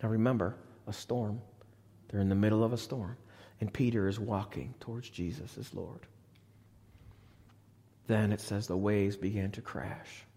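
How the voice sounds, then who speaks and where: A male pastor preaching a live sermon in a church, swinging from loud, high appeals to hushed, low lines. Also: fairly even intonation, normal speed, pauses often. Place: church sanctuary. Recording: long reverb of a church hall.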